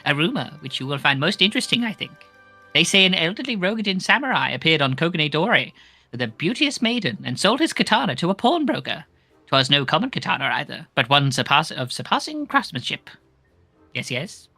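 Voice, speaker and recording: A woman's voice: low voice, big pitch swings, a little fast, sharp tone, no room sound, soft background music, heavily acted. A woman voicing a shifty, cowardly male informant who keeps fawning with "yes, yes" while reading game dialogue with friends. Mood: sly. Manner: wheedling, repeats "yes, yes".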